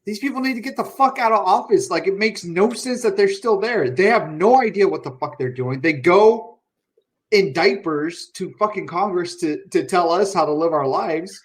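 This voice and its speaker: A man co-hosting a podcast, talking in a mocking, animated way, swearing often and laughing between lines. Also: high voice, moderate pace. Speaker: podcast co-host. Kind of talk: casual profane political chat.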